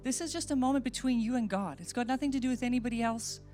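A woman's voice: a little high, fast. A woman pastor giving a sermon and altar call, earnest and repeating short phrases as she prays aloud. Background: soft music.

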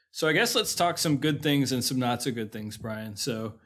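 A man in mid pitch talks casually through a movie on a podcast. He thinks aloud as he goes, with restarts and loose fillers. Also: a bit bright. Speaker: podcast co-host. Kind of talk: casual film discussion.

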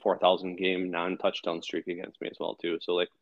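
A man's voice: deep voice, monotone, a little fast, no room sound, muffled recording. A man in his thirties co-hosting a fantasy football podcast, rambling in casual chat with lots of fillers and swearing.

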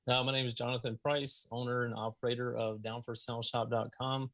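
A man from Mississippi in his thirties with a Southern accent, a guest on a video call, telling a story in a casual, animated way. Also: mid-range voice, a little fast. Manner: animated storyteller, acts out his own past lines. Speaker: guest, car audio business owner.

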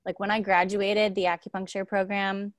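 A woman's voice: mid-range voice, level tone, moderate pace, dry recording. Young woman, casual podcast chat, candid and emotional, dry close sound. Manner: candid, lots of "like", emotional storytelling.

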